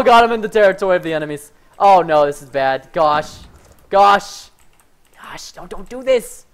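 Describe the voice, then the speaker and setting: Excitable young man commentating gameplay. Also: high-pitched, moderate pace, long pauses. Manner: excitable, yells when hyped, says "fudge" instead of swearing. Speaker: gaming streamer.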